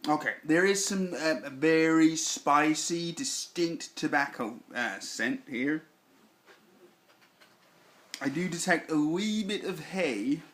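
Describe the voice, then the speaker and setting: A man giving a casual product review in a slow, deliberate way, thinking aloud with fillers. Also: on the high side, fairly bright tone. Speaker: snuff reviewer.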